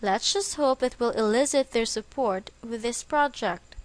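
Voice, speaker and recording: Slow, deliberate woman teaching vocabulary. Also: fairly high pitch, no echo. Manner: slow, deliberate, spells words out letter by letter. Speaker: English teacher. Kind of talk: scripted vocabulary lesson.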